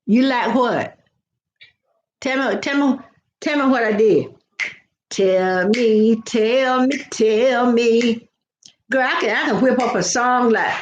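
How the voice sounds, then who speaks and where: An older woman, chatting playfully and rambling with repeated words on a casual home live stream. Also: a little high. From American South. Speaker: vlogger. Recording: echoey, dull lo-fi home recording.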